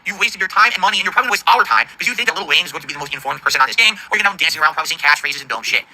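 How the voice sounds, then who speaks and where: A middle-aged man livestreaming, ranting in an indignant, profane, rapid-fire way about his audience and the games industry. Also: on the high side, lively intonation, bright, forceful tone, rough recording. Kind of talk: angry stream rant.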